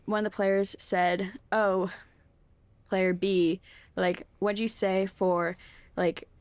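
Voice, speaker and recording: A woman's voice: mid-range voice, a little mellow, dry recording. Woman, twenties, podcast co-host, casual chat, chatty, lots of fillers, laughs a lot, dry close mic. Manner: chatty storyteller, laughs often, heavy "like" filler.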